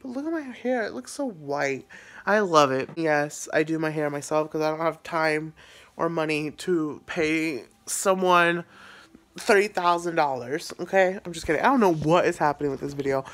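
A man's voice: on the high side, fairly even intonation, moderate pace, fairly bright tone. Rambling young man vlogging. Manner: rambling, filler-heavy, laughs at himself. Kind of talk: casual emotional vlog talk.

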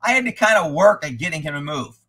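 A husky-voiced man with a voice a little higher than most men's talks through riding footage live. He is a horse trainer, blunt and rambling, and he swears freely as he explains. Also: lively intonation, quick pace, sharp tone.

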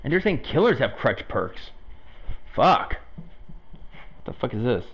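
A man's voice: mid-range voice, big pitch swings, unhurried, fairly bright tone, poor audio. A man hosting his own gaming videos, swearing and venting his frustration as he plays. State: irritated. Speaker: gaming channel host. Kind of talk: angry live gameplay commentary.

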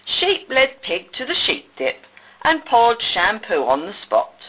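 A woman reading a children's picture book aloud with slow, expressive storytelling, on a tinny, phone-like recording. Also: fairly high pitch, slightly rough.

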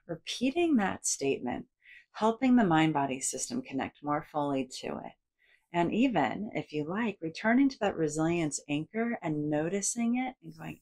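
Woman, low voice, swooping lively intonation, guided lesson on the brain, playful acted-out self-talk. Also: normal speed. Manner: animated, acts out inner voices with big playful inflections. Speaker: psychologist and educator.

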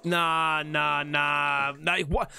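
A man's voice: a little high, extremely slow, creaky, clean tone, no room sound, faint music behind. A young English man hosting a reaction video, swearing and joking in casual banter. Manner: excitable, swearing, jokey banter.

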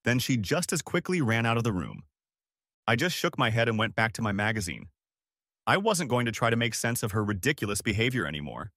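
A man narrating a first-person story as scripted audiobook narration, in an expressive storytelling manner. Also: mid-range voice, brisk, dry recording, studio quality.

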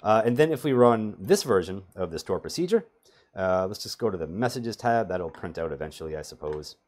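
A man's voice: low-pitched, expressive, brisk, a little mellow. A middle-aged man teaching a database tutorial over a screen share, talking casually with sardonic, self-mocking humor. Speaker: database performance trainer.

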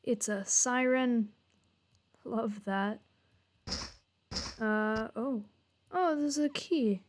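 Casting: young woman streamer, slightly high voice, unhurried, jumpy and sweary. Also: noisy background. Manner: jumpy and swearing, joking to chat. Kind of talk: horror game let's play commentary.

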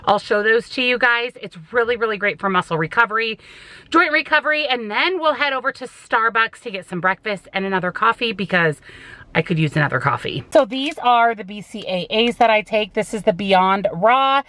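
A woman's voice: fairly high pitch, expressive, a little fast, sharp tone. A woman narrating a casual daily vlog to her camera, upbeat and chatty, filming from her car and her office. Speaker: vlogger. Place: car in a parking lot and an office.

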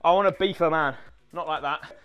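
A man giving loud, sweary, jokey gaming commentary as a YouTuber, often breaking into shouts. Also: a little high, brisk, lo-fi sound, soft background music.

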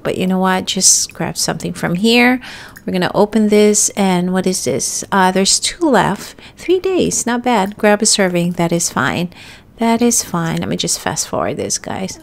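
A young woman gaming YouTuber provides casual let's-play commentary in a mid-range voice. She chats with both her character and her viewers, breaking into excited yelps.

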